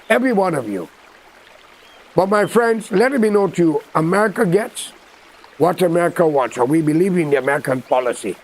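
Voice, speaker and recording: A middle-aged man with a Guyanese accent rants about politics in an accusatory, preaching tone. His voice sits high and carries a gravelly rasp. It leaps and dips all over the place. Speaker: political commentator. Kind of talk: angry political rant.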